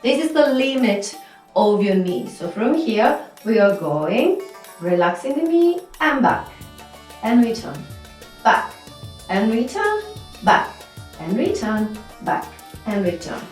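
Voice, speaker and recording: Slow patient woman teaching belly dance. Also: a little high, sing-song, a little mellow. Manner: slow, patient step-by-step instruction with counting. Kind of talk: instructional dance lesson. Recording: echoey room, mic at a distance, music behind. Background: music.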